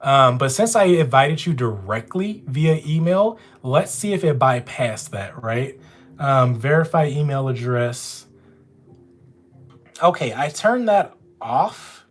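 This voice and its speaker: A man's voice: medium pitch, expressive, slow pace. A man with a Louisiana accent, chatting casually with viewers on a live stream from home. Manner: chatty, talks straight to viewers. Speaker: notary running a live stream. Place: at home with dogs nearby.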